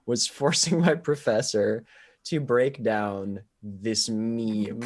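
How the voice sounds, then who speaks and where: A young man with a fairly low voice tells a story on a live-streamed podcast. He talks casually and animatedly and breaks into laughter often. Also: fairly even intonation, takes it slowly, darkish tone. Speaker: podcast co-host. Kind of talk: casual chat.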